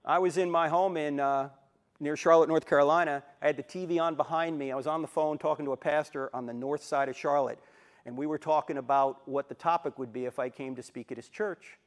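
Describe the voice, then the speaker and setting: A man in his sixties giving a live lecture in a university auditorium, an animated storyteller who acts out quotes and jokes. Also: a little high, a little fast. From New Jersey, USA. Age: 60s. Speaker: Christian apologetics speaker.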